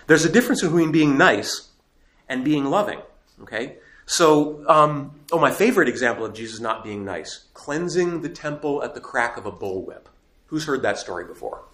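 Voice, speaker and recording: A man teaching a faith class to a live audience, emphatic and asking the room questions. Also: mid-range voice. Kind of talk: lively classroom lecture. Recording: echoey room.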